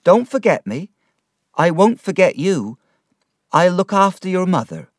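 A man's voice: sits high, big pitch swings, unhurried, no room sound, studio quality, pitched above the performer's own voice, heavily acted. A man doing a kind, motherly maidservant. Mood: tender. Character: kind motherly servant woman. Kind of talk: storybook reading.

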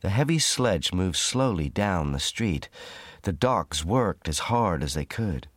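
A man reads a storybook slowly and clearly, as if for learners. His voice sits very low but moves with lively intonation, recorded dry and close. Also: dry recording. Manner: measured, clear reading for learners. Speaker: narrator. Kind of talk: slow, simple storybook narration.

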